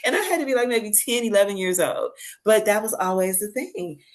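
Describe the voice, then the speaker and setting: A woman's voice: medium pitch, fairly quick. A woman guest on a podcast, telling stories in casual conversation and acting out the voices of the people in them. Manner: animated, acts out quoted voices; laughs while telling stories.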